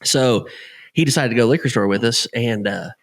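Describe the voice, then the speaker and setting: A man talks at a fairly quick clip with a medium-pitched voice, spinning stories in a relaxed podcast conversation. He's an animated storyteller who swears casually and acts out the people he describes.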